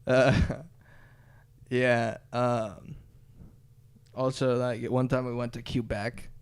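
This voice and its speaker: A man co-hosting a podcast in casual chat, rambling and laughing often, his voice trailing off quietly. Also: medium pitch, level tone, very slow, clean tone. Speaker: podcast co-host.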